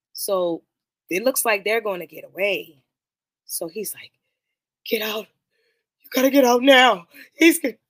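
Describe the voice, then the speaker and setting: A woman hosting a podcast, casually retelling and reviewing a film in animated, slangy speech full of profanity. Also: medium pitch, dry recording. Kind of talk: casual movie commentary.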